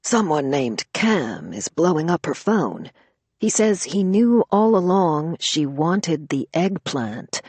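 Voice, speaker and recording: A woman voicing an older woman who reads messages aloud slowly and deliberately. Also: low voice, a little mellow, slightly rough, no echo, heavily acted. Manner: slow, deliberate reading.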